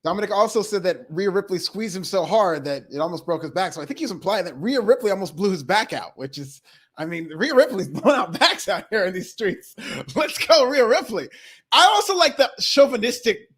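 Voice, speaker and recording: A man's voice: sits high, sing-song, fairly quick. A man co-hosting a wrestling podcast in casual chat, enthusiastic and laughing often. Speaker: podcast co-host.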